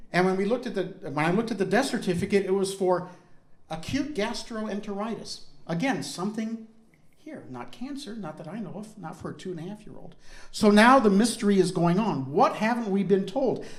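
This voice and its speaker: A man's voice: high voice, roomy sound. A man telling a family-history story to an audience in a conversational way, often asking the listeners questions. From United States.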